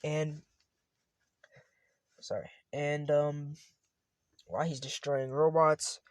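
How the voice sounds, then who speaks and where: A man's voice: fairly high pitch, level tone, slow pace, no room sound. A man casually retelling a fan story, rambling and often correcting himself.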